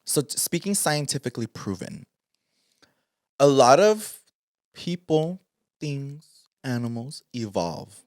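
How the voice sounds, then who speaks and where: A man's voice: medium pitch, big pitch swings, takes it slowly, long pauses, no room sound, clean studio sound. Rambling man co-hosting a podcast. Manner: rambling, searches for words, playful. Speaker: podcast co-host. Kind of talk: casual chat.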